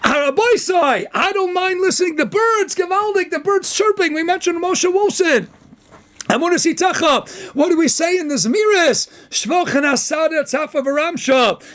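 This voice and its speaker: Man, rabbi, very high voice, animated Torah lecture, lots of rhetorical questions. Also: normal speed.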